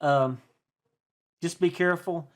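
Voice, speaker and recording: A man's voice: fairly high pitch, slow pace, fairly bright tone. A man with an East Tennessee accent, rambling in a chatty, folksy way through a casual vlog monologue, full of fillers and restarts. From East Tennessee, USA. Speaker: stock and crypto video host.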